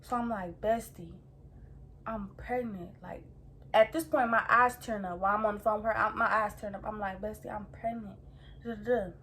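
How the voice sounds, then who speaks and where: A woman's voice: medium pitch, slight background noise. A young woman in her late teens tells a story in a casual, rambling way, full of slang and repeated fillers like "like" and "you feel me". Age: young adult. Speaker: vlogger.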